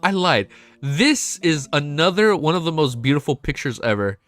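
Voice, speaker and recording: A young man chatting casually on a live stream, excitable and swearing often, swinging from quiet gratitude to loud excitement. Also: on the high side, normal speed. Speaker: livestreamer. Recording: faint music behind.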